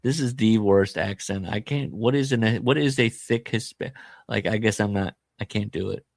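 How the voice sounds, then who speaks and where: A man's voice: fairly low pitch, moderate pace, vocal fry, dry recording. A man hosting a podcast, casually retelling a book's plot with jokey, self-deprecating asides. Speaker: podcast host. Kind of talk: casual book-discussion chat.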